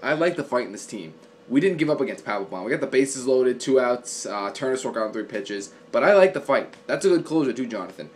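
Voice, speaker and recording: A young man talks straight into his camera at home, going over the week's games in a loose, rambling fan vlog. He is opinionated and swears freely, and he fills his pauses with ums. His voice sits at an ordinary pitch over a faint hiss in the room. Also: animated. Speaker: sports fan vlogger. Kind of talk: casual fan recap vlog.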